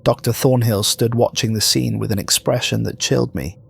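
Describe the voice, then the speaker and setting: A man reading a scripted horror story in a measured, somber way. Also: medium pitch, fairly even intonation, creaky, a little hiss or hum. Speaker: narrator.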